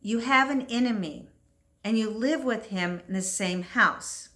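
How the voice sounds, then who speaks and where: A woman reads as a remorseful young woman begging forgiveness in an old New England tale. The voice is slow and bright, earnest and pleading, with the lines read plainly from a book. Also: a little high.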